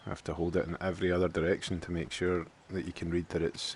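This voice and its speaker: Chatty streamer with a very deep voice. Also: male voice, flat delivery, fast, hardly any pauses, a little hiss or hum. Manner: chatty, joking, thinks aloud. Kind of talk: casual let's play commentary.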